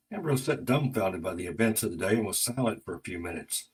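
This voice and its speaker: A man narrating a detective story in a steady, matter-of-fact way. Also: low voice, quick pace, hardly any pauses, low-quality recording.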